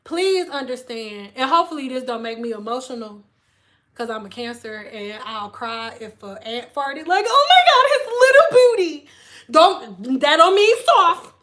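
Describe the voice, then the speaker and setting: Her voice sits high with a sharp tone as this thirty-something ex-hairstylist chats frankly with viewers through her phone camera. She curses freely and says things more than once for emphasis.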